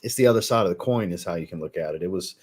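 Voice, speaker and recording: Husky man in casual livestream chat. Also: low voice, racing. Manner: boastful, animated storyteller who acts out quotes. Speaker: fragrance reviewer, guest on a livestream.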